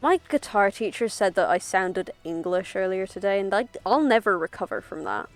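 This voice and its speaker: A woman's voice: mid-range voice, lively intonation, normal speed, soft background music. A young woman streaming a video game from home on a headset mic, chatting casually and swearing freely as she plays. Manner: swears freely, talks to herself while playing. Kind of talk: casual gaming stream chat. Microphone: headphones with mic.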